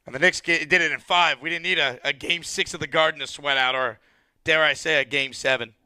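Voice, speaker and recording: Excited New sports radio host, crisp bright voice. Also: male voice, a little high, brisk, no echo. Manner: excited, emphatic, celebratory. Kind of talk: late-night sports call-in radio. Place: radio studio.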